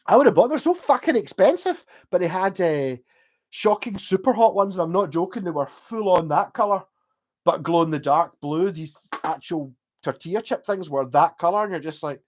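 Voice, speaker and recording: A man's voice: high-pitched, animated, moderate pace. A Scottish man livestreaming, chatting casually with viewers in a loose, digressive way, swearing often. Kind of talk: casual rambling chat.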